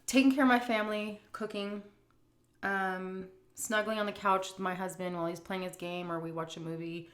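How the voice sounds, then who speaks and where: A middle-aged woman food vlogger telling a story and answering questions in a chatty, animated way full of fillers. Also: medium pitch, moderate pace. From United States. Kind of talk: casual storytelling and Q&A.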